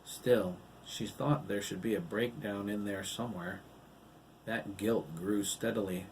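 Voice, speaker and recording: A man narrating his own novel in a steady, even audiobook reading. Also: fairly low pitch, unhurried, recorded from a distance, slight background noise, rough recording. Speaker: author and narrator.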